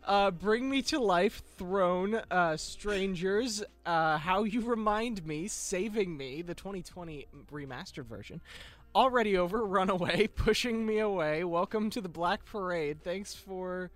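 A man chatting casually at a tabletop game table with quick, joking asides. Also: high-pitched, a bit bright.

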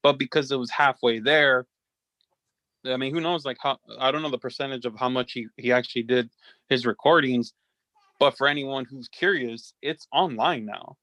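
A man's voice: mid-range voice, normal speed, bright, forceful tone, dry recording. A man co-hosting a podcast, talking in hesitant casual chat that is full of fillers. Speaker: podcast co-host.

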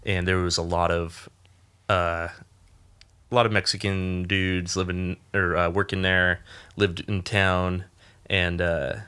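A man with a rather low, bright, forceful voice, chatting loosely and swearing freely. He rambles through a story with plenty of fillers and jumps higher and louder when he quotes people. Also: slow, smooth. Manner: laid-back storyteller, lots of fillers, swearing, animated when quoting. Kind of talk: casual chat, storytelling.

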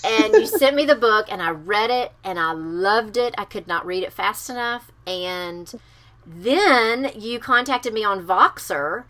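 A bubbly woman hosts a casual podcast chat, gushing about her guest. Her pitch swings widely and lively as she talks, and she often acts out what other people said. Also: unhurried. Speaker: podcast host.

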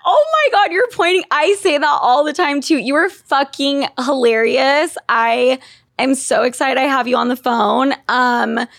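An excitable young woman hosts a casual podcast chat with a valley girl lilt and plenty of swearing. Her voice has a gravelly, creaky edge. She takes her time over her words. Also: high voice, unhurried, no echo, studio quality. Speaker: podcast host.

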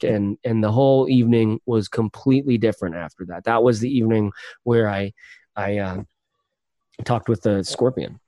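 A man's voice: mid-range voice, dark tone, no room sound. Man guest, rambly storyteller, lots of fillers and laughs, dry close sound. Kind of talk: casual podcast chat.

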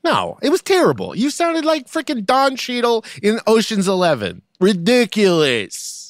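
Lively joking man, dry close sound. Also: sits high, normal speed, dry recording. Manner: animated, mock-outraged, jokey rants. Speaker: podcast co-host. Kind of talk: comedic casual chat.

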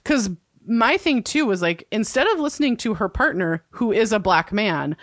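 A woman co-hosting a casual podcast, recapping a TV show, laughing often and swearing as she thinks out loud. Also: medium pitch, lively intonation, normal speed, no echo, studio quality. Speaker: podcast co-host.

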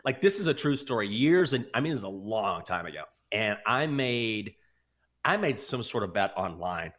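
Animated man co-hosting a betting podcast. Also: fairly low pitch, normal speed. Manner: animated storyteller, mocking voices. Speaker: sports betting podcast co-host. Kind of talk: casual podcast chat.

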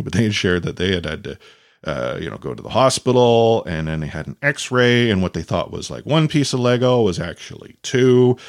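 A man's voice: fairly low pitch, gravelly. A man in his thirties, a father and podcast host, telling a rambling story in a casual monologue, with restarts and quotes acted out. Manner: rambling, animated, acts out quotes with many restarts.

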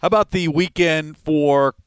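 Smooth-voiced sports radio host man. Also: a little high, steady tone, unhurried, no echo.

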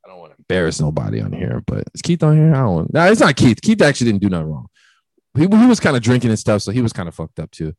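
Fast and creaky, his voice lowish on a dry recording, a young man casually spins a profane party tale. He acts out the other partygoers' lines with lots of animation.

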